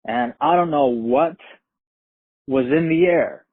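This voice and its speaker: A man telling a story in a profane, streetwise, animated way. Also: medium pitch, slow, no echo. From Brooklyn, New York. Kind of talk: casual spoken storytelling. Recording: tinny phone-like line, dry.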